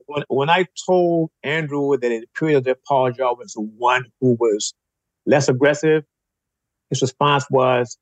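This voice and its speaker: A man's voice: medium pitch, unhurried, dry recording, low-quality recording. A middle-aged man co-hosting a casual sports podcast, giving emphatic, opinionated takes. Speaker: podcast co-host, basketball writer.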